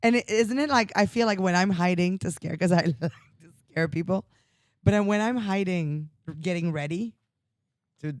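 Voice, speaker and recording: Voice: mid-range voice, moderate pace, dry recording, studio quality. A podcast co-host reacting eagerly and chatting about pranks in a casual way. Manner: eager, reacting with short enthusiastic remarks. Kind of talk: casual chat.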